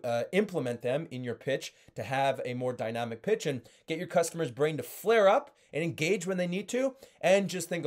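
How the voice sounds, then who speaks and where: A young man giving a casual sales training talk, animated and full of fillers as he demonstrates high and low tones. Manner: frequent fillers and restarts.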